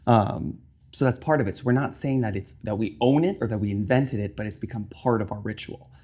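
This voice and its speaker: A young male chef and cookbook author from New York appears as a guest, chatting casually while he cooks and explaining as he goes. His lowish voice is warm and fairly quick, and his talk is full of fillers like "like" and "um."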